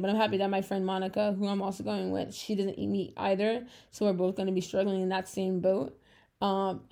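A woman's voice: mid-range voice, creaky, warm tone. A young woman hosting her own podcast, talking casually at home in a rambling, upbeat way, full of "like" and "um.". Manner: rambling, filler-heavy, chatty and upbeat. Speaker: podcast host. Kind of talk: casual solo chat.

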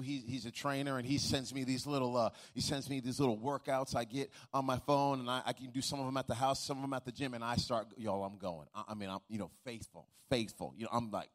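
A man's voice: medium pitch, brisk. Storytelling pastor man preaching. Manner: storytelling with humor and repeated restarts, rising to a preaching cadence. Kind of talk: sermon.

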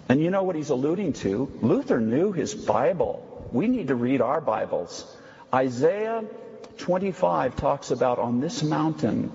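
A man teaching the Bible with sermon-like passion, switching between loud exclamations and hushed, low passages. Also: expressive, unhurried, gravelly. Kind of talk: impassioned sermon-style teaching. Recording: reverberant hall, dull lo-fi sound.

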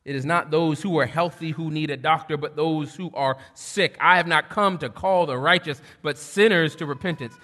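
A middle-aged man preaching a sermon, shifting between loud preaching and quiet storytelling. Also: fairly high pitch, moderate pace, few pauses. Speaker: pastor. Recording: long hall reverb.

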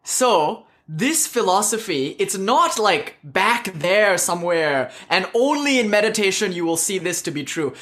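A man's voice: sits high, sing-song, measured pace, hardly any pauses, a bit bright. Guy from south india teaching spirituality, chatty and jokey, laughs a lot. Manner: joking, conversational, laughs often. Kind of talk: casual spiritual talk with stories.

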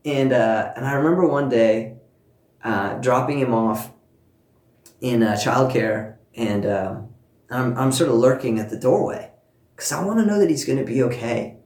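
A man preaching a sermon, telling a personal story with warmth and earnest emphasis, speaking to listeners at home. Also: medium pitch, normal speed, reverberant. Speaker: pastor.

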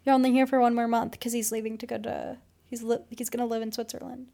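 High-voiced young woman, gossipy chat. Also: little pitch movement, fast, vocal fry, dark tone. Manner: gossipy, dramatic, swears freely. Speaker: podcast co-host. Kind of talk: casual chat.

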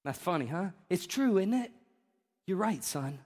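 Pastor guy in his 30s, kinda high voice, preaching all worked up and emotional, big echoey church. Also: expressive, unhurried. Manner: emphatic, emotional preaching with repeated questions and rising shouts. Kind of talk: sermon. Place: church sanctuary. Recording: long reverb of a church hall.

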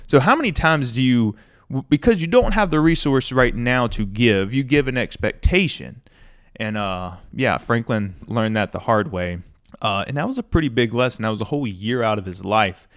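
A man's voice: medium pitch, normal speed, no room sound, studio quality. A man hosting a podcast, giving a casual, conversational review of a classic book with loose everyday fillers. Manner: relaxed, conversational, loose fillers like "you know" and "stuff like that".

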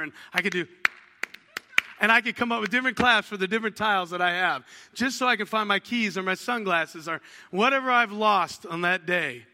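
A man preaching a sermon as a pastor, telling lively stories and acting out little household conversations. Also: high voice, in a large hall. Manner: animated storytelling, acts out household dialogues.

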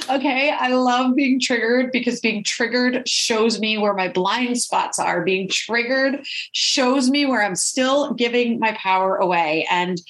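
A woman podcast host telling a personal story in a lively, animated way, often laughing and checking in with "right?". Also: mid-range voice, low-quality recording. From California. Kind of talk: storytelling monologue.

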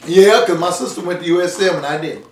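A man's voice: sits high, fast talker. A man bantering about college football, insistent and heated, repeating his questions. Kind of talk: casual sports banter. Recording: echoey room with faint noise.

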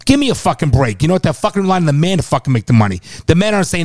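A man's voice: a little high, very animated, fast talker, darkish tone, dry recording, studio quality. A middle-aged man co-hosting a podcast, ranting with constant swearing and exasperation. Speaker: podcast co-host. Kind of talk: casual podcast chat.

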